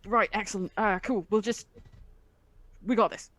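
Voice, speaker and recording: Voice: mid-range voice, steady tone, moderate pace, fairly bright tone, no room sound. A game master running a tabletop game in a chatty way, laughing between descriptions.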